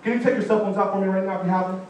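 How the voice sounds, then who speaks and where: A man with a high voice gives an animated motivational talk, building his story and calling out to the crowd. He sounds far from the mic in a big, heavily echoing hall, with faint room noise underneath. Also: racing. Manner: animated storytelling with audience call-outs. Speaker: motivational speaker. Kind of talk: live motivational speech. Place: large college event hall. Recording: echoey hall, distant mic.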